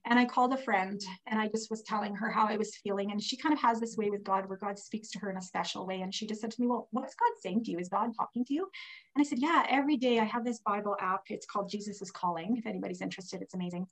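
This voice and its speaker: A woman's voice: medium pitch, fast, rough recording. A woman recovering from pneumonia, telling a personal faith story in casual, earnest speech full of fillers. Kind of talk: casual testimony.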